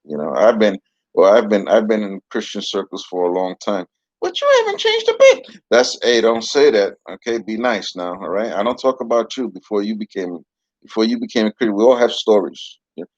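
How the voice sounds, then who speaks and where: Low-voiced guy teaching bible stuff, calm and patient, kinda rambly, dull dry audio. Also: brisk, dry recording. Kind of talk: casual Bible lesson with puppet banter.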